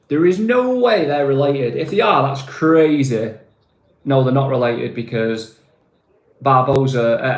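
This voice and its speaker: Rambling Mancunian man in a roomy space. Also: mid-range voice. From Manchester, England. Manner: rambling, filler-heavy, calls viewers mate. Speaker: live-stream host. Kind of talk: casual live-stream chat.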